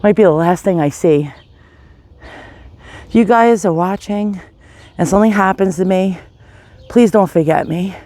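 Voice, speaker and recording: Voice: medium pitch, measured pace, pauses often, darkish tone. A vlogger, panicky and short of breath, coughing and pleading in a shaky confessional vlog recorded on a phone while walking down a residential street outdoors.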